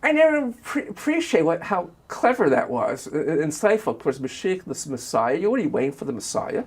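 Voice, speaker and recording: An older man and former teacher, recalling family memories in an oral history interview with a reflective, anecdotal manner that trails off softly. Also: fairly high pitch, big pitch swings, a little fast, breathy edge.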